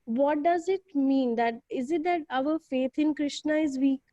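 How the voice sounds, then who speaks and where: A woman's voice: sits high, measured pace, dark tone, no echo. A woman on a video call earnestly asking a question in class. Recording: muffled video call audio.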